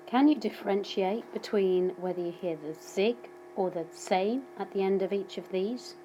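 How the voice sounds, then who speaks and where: A woman teaching a language lesson, explaining numbers patiently and saying them slowly for learners to repeat. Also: medium pitch, mellow, a little hiss or hum, poor audio. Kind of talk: slow explanatory lesson narration.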